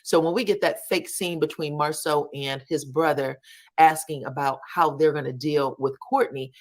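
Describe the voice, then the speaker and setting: A woman giving casual, animated commentary on a reality show, retelling scenes in colloquial talk. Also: deep voice, normal speed. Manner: animated, colloquial storytelling that acts out the people she quotes.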